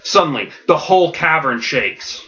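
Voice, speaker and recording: A man on a podcast retelling a comic story as a comedic pitch, animated and laughing at his own jokes, with quick character voices. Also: very noisy. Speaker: podcast host. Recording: dull lo-fi audio.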